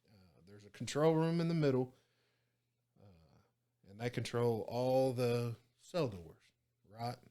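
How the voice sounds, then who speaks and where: A man, a former prison guard telling stories in a casual interview, animated and full of cursing. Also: mid-range voice, takes it slowly, pauses often, clear, resonant tone. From Oklahoma. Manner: profane, animated storytelling with quoted dialogue.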